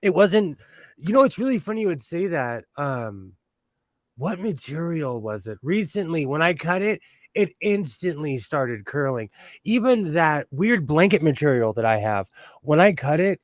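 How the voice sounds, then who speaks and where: A man's voice: a little high, big pitch swings, unhurried, dry recording, studio quality. A middle-aged man hosting a casual sewing livestream from home, chatty and self-mocking, reading chat questions aloud.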